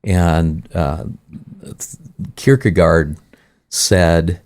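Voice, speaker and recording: A man's voice: low-pitched, extremely slow, a little mellow. A man who leads worship at a church, explaining his ideas in a thoughtful way during a casual faith chat.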